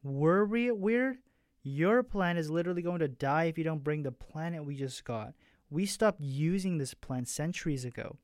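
A wry, bold young alien woman teases in a hushed voice, as a man reading a story puts her on. The voice stays slightly high and is heard close and dry. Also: moderate pace, dry recording, lightly acted. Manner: hushed, teasing.

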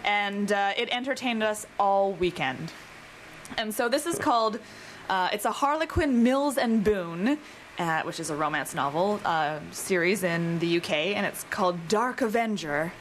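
A woman's voice: mid-range voice, a little hiss or hum. Chatty young woman guest. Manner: chatty, laughs easily, slows down to read. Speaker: guest, show organizer. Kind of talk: casual chat and reading a novel aloud.

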